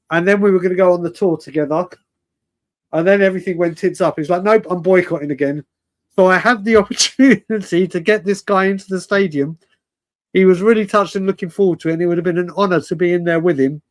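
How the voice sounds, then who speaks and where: A man hosting a live fan stream, talking casually and rambling, laughing often and calling viewers mate and brother. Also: high-pitched.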